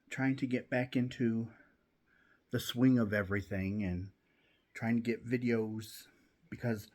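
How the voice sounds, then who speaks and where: A man's voice: mid-range voice, darkish tone. A man hosting a knitting channel, chatting casually from home while he knits, rambling with many restarts.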